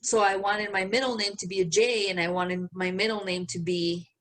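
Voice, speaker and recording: A woman's voice: medium pitch, flat delivery, moderate pace, a bit bright. A woman from Mexico co-hosting a podcast, chatting casually, laughing often and swearing freely. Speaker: podcast co-host. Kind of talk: casual chat.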